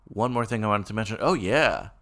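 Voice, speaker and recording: Man, lowish voice, casual podcast co-host, joking. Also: expressive, brisk, a bit bright. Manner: playful, joking. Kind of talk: casual chat.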